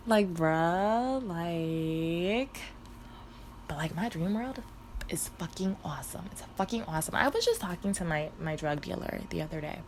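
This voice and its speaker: Stoned, rambling woman with a gravelly voice. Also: lowish voice, sing-song, fairly quick, slight background noise. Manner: rambling, profane, self-interrupting, laughing often. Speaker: vlogger. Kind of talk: rambling casual storytime.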